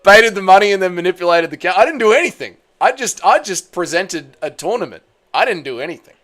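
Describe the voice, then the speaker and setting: A man hosting a live stream, bantering with his chat and calling out vote counts in an excitable, teasing way. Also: high-pitched, fast talker.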